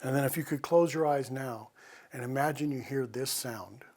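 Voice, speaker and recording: A man's voice: mid-range voice, moderate pace, darkish tone. A man telling holiday stories and reading poetry aloud, reflective and rambling, with restarts. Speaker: storyteller. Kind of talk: live storytelling and poetry reading.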